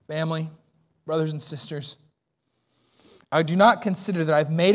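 High-voiced preaching man, hoarse. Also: normal speed, long pauses. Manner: impassioned, swings between soft and loud. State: voice going hoarse. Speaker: pastor. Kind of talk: sermon.

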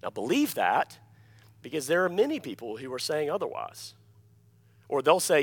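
A man with a high-pitched voice preaching a sermon to a congregation. He preaches emphatically, repeats his key phrases, and checks in with a questioning "Amen?". He swings between loud, forceful points and quiet, low-voiced asides. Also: wildly swooping pitch, normal speed, long pauses. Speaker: pastor.

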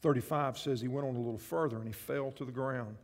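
A man's voice: medium pitch, quick pace. Man preaching in an echoing hall. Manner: animated preaching, swinging between loud and soft. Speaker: pastor. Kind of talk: sermon.

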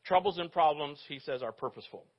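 In a dull, muffled recording, a pastor whose voice sits fairly high for a man gives a quick-paced sermon. He keeps it relaxed and chatty, throwing jokes and questions out to the congregation.

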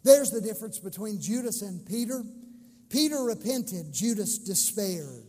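A male pastor preaches with passion, leaning hard on key words and drawing phrases out slowly. His voice sits unusually high for a man. A long reverb rings after his lines, as in a big church sanctuary. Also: lively intonation, mellow. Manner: impassioned preaching with slow emphatic phrases. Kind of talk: sermon.

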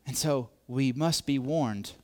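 A man's voice: medium pitch, takes it slowly, a little mellow. A man preaching a sermon, repeating key phrases, swelling to emphatic peaks and dropping to near whispers. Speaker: pastor.

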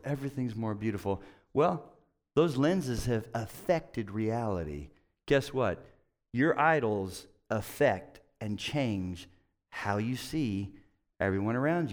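A middle-aged male pastor preaching in a conversational, storytelling way with self-mocking humor. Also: mid-range voice. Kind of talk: sermon.

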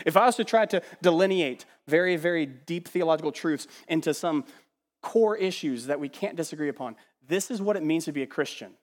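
A man preaches a sermon in a slightly high voice. He is animated and emphatic, repeats words to build his points, and drops to quiet asides. His voice carries a long reverb, like a big church hall. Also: a little fast. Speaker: pastor.

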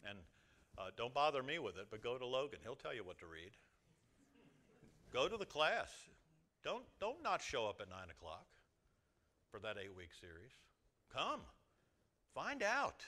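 A man preaching a sermon to his congregation as their pastor, swinging from quiet asides to loud exhortation. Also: medium pitch, sing-song, normal speed, long pauses. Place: church sanctuary before a congregation.

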